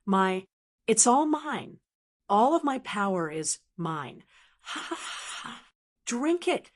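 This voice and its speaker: A greedy, vicious old elder who gloats and cackles over power he means to seize, voiced by a woman. His voice climbs high and shrill when he crows. He sounds like a figure from a martial-arts fantasy audiobook. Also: big pitch swings, takes it slowly. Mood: gloating.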